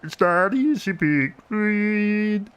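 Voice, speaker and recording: A man puts on squeaky, bouncing cartoon-character voices, drawn out slowly and sung up and down. The impressions are broad and hammy, played for laughs. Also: expressive, a bit bright, clear, resonant tone, no echo, full character voice. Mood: silly. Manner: exaggerated, sing-song impression voice. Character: goofy high-pitched cartoon-style character voices, loud and hammy.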